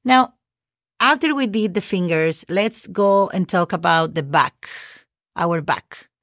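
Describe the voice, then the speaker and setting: A woman's voice: lowish voice, takes it slowly, a bit bright, dry recording, clean studio sound. A woman hosting a podcast language lesson, patiently spelling words letter by letter and checking in with "okay?". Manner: checks in often with "okay?" and "right?". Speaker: Spanish teacher and podcast host.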